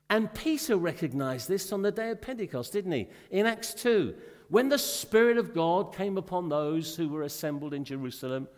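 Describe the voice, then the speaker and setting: A male preacher giving a sermon, exclaiming often and asking the congregation rhetorical questions. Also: fairly high pitch. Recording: long hall reverb.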